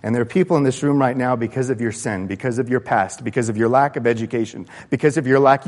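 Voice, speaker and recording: A man preaching a sermon in a church, animated and acting out the voices of the people he quotes. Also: medium pitch, quick pace, few pauses. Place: church sanctuary. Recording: long church-hall reverb.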